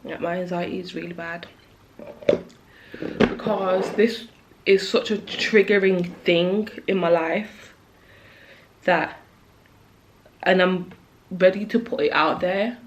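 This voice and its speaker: Speaking slowly with long pauses and fairly even intonation, this young woman has a fairly low voice, and background noise is audible. As a beauty vlogger doing her makeup, she chats nervously to camera, jittery and close to tears, trailing off with many "likes" and restarts.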